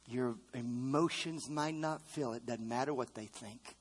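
A man's voice: medium pitch, a little slow, hardly any pauses, breathy edge. A middle-aged man preaching a fervent sermon. He calls out to the congregation and repeats phrases for emphasis. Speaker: pastor.

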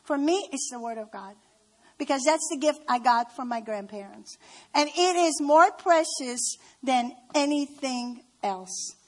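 A woman with a high-pitched voice tells stories of her family in a personal testimony talk. She speaks heartfelt and unhurried, leaning on key words. She is middle-aged. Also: expressive. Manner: heartfelt, storytelling with slow emphasis. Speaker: speaker at a women's gathering.

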